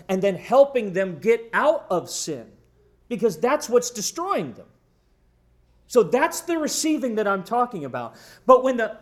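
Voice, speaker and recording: A man preaching a sermon in an emphatic, storytelling way, addressing his congregation. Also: high voice. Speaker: pastor.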